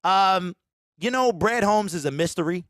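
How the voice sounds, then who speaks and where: A man in his forties hosting a casual sports fan show, reading viewer comments aloud, animated and quick to laugh as he talks straight to his audience. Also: high voice, clear, resonant tone, no room sound, studio quality. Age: 40s.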